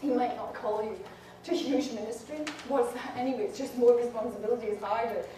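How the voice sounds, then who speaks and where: A woman preaching a fervent sermon to a women's gathering, rising to shouts and dropping low. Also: steady tone, brisk. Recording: echoey hall from far off, faint noise.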